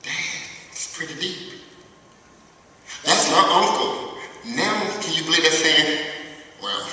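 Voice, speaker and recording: A man in his fifties, a music teacher, giving a conference keynote with animated storytelling and questions to the audience. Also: on the high side, slow. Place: large conference hall. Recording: echoey hall from far off, faint noise.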